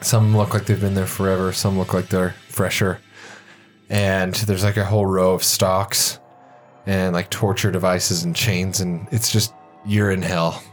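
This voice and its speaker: A man with a lowish voice narrates a tabletop game as game master. He describes the scene in a loose, halting way, and faint music plays under him. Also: level tone. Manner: loose, hesitant descriptions full of fillers.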